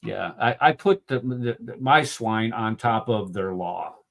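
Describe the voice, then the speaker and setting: A man's voice: lowish voice, expressive, unhurried, vocal fry. A man in a heated political discussion, indignant and mocking, often restarting his sentences. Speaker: discussion group co-host.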